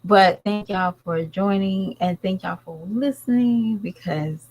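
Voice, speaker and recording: A woman's voice: medium pitch, a little slow, dull audio. A woman vlogger and mother talking straight to her viewers in a blunt, rambling, casual way. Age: adult parent. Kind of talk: casual commentary chat.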